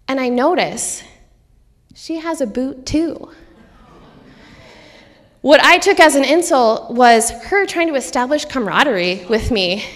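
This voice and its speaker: A young woman with an Upper Midwest accent recounts a personal story on a live stage. Her voice sits a little high and stays loose and conversational, full of fillers. The hall adds a long reverb. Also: fairly bright tone. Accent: Upper Midwest American. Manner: conversational, many ums and likes.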